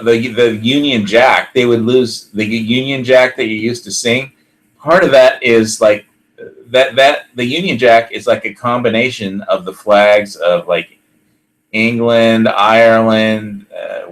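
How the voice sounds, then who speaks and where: A man with a fairly low voice hosts a casual podcast chat. He rambles through his points with plenty of fillers and restarts, and he laughs often as he talks. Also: rough recording. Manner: laughs often while talking. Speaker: podcast host.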